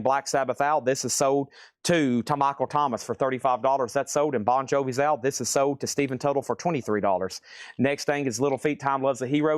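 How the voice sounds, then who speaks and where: A man running a live online record sale and auction, calling out titles and prices in quick bursts with frequent exclamations of surprise. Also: mid-range voice, dry recording, clean studio sound. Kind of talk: live online sales stream.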